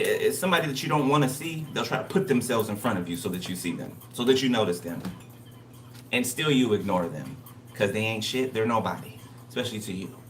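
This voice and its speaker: A man's voice: mid-range voice, echoey room, recorded from a distance, a little hiss or hum. A man giving a casual spiritual reading. He talks bluntly and emphatically, repeats himself, and swears freely. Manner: blunt, repetitive, profane. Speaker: tarot reader.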